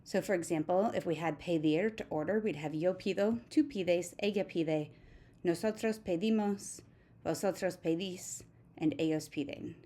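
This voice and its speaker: A Spanish teacher with a lowish, mellow voice goes through a recorded grammar lesson at normal speed. Like a patient teacher, she recites verb forms one at a time, steady and methodical.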